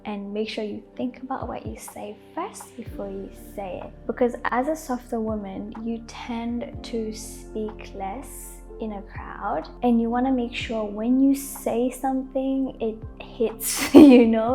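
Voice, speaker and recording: A young woman giving gentle, casual lifestyle advice to camera, laughing often and saying "like" a lot. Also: a little high, steady tone, unhurried, few pauses. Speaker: lifestyle vlogger. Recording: faint background music.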